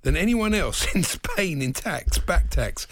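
A man's voice: fairly high pitch, very animated, a little slow, fairly bright tone, a little hiss or hum. A man co-hosting a radio talk show, giggling often and telling self-mocking stories in casual chat.

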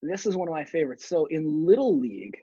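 Male podcast guest, chatty and long-winded, husky tone on a dry, dull-sounding mic. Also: fairly high pitch, sing-song, fast, warm tone, no echo. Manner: long-winded storyteller, swears casually. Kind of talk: casual chat.

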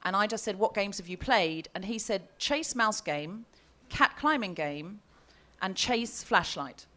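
Bright, animated woman telling a comedy story. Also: medium pitch, a little slow. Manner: animated, laughing, quoting messages in mock voices. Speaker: podcast co-host telling a story. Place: live comedy festival show.

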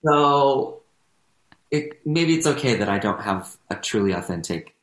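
A man's voice: medium pitch, expressive, measured pace, fairly bright tone. Male co-host, rambly chat, echoey room. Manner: rambling, full of fillers and self-corrections. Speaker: podcast co-host and stage performer. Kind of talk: casual chat.

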